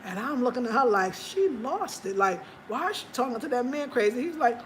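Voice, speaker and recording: An American woman hosting a casual livestream, telling stories with lots of animated, high-pitched acted-out quotes and talking straight to her viewers. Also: normal speed, slight background noise. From United States. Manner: animated storytelling, acting out quotes in high cries; chatty, talks straight to viewers. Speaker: livestream host.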